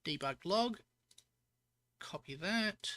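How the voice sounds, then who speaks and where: Slow, bright-voiced Australian woman coding. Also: mid-range voice, expressive, no echo. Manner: thinks aloud while coding, chats with viewers in between. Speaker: VTuber streamer. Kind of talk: live coding stream chat.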